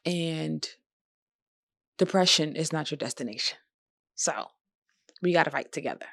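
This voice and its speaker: A woman's voice: low voice, measured pace, vocal fry, a bit bright, no echo, clean studio sound. A tired woman speaking earnestly and emotionally in a personal vlog, with speech. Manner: emotional, earnest, pleading at times. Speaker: vlogger. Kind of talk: personal vlog talk to camera.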